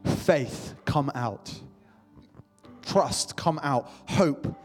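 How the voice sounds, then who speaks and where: A young adult pastor preaches a sermon to his church in a church hall, passionate and repetitive, calling out to the congregation again and again. His mid-range voice is animated but very slow, and the recording carries long hall reverb with faint music.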